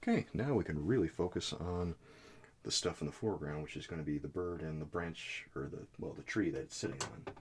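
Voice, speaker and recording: A man giving a soft-spoken oil painting lesson, muttering asides as he works. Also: very deep voice, fairly quick, a little hiss or hum. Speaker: art teacher.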